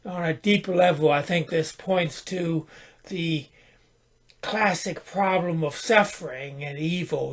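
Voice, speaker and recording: A man with a notably high voice delivers a reflective spoken sermon. He moves at a very slow, unhurried pace, calm and contemplative, sometimes pausing to restart a phrase. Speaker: podcast host and spiritual teacher.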